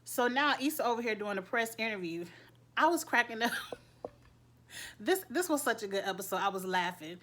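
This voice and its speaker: A woman's voice: fairly high pitch, expressive, moderate pace, pauses often, fairly bright tone, a little hiss or hum. Laughing chatty woman reviewing a show. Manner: chatty, laughs often, quotes characters in funny voices. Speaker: TV recap vlogger. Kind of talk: casual episode review.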